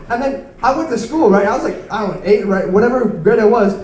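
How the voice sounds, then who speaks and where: A young man in his late teens works through a stand-up set, his voice sitting noticeably high. He rambles, trips over his words and pokes fun at himself. The sound is roomy and picked up from some distance away in a club. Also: quick pace, hardly any pauses, a little mellow. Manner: rambling, self-deprecating, stumbling delivery. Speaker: stand-up comedian. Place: comedy club stage.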